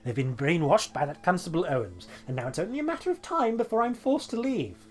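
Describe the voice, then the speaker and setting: A man's voice: high-pitched, very animated, fast, darkish tone, voice pushed up. A man voicing an indignant, fussy male alchemist merchant, complaining in a pompous, aggrieved way.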